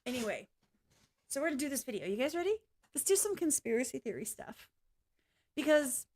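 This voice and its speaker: A woman vlogging in a casual, rambling way, apologizing often and swearing now and then. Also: fairly high pitch. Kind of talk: casual reaction vlog chat.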